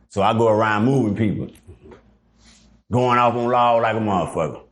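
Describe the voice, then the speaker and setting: Middle-aged man for a gritty interview, animated and profane, jumps into the voices of the people in his stories. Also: lowish voice, moderate pace. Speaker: guest. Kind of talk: casual storytelling interview.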